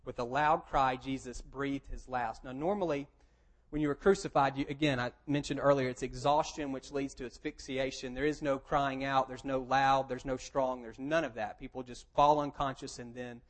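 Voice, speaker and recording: Guy giving a sermon, reads a bible passage then talks it through, mid pitch. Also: steady tone, normal speed, rough recording. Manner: reads scripture aloud, then explains it in a plain conversational tone. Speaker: pastor.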